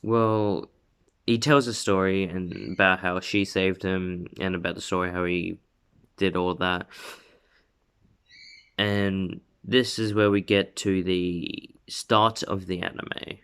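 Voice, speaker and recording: A man's voice: deep voice, little pitch movement, takes it slowly, a bit bright, clean tone. A young man casually telling a made-up story from his room at home, rambling with lots of fillers and self-corrections. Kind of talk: casual spoken fan story.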